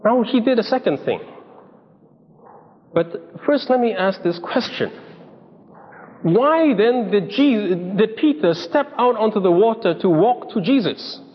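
The sermon comes a little slowly, with long pauses, from a man whose high voice is expressive. He tells stories emphatically and voices the people he quotes, captured in dull lo-fi audio within an echoing hall.

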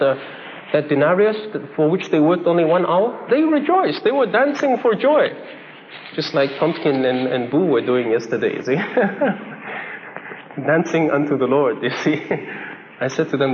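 A man preaching a sermon in a conversational way, acting out little dialogues and chuckling as he goes. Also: fairly high pitch. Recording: dull echoey hall recording with faint hiss.

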